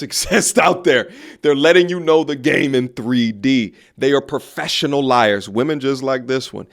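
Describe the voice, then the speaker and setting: A man hosting commentary, speaking bluntly in a preachy, slangy way. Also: medium pitch. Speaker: host.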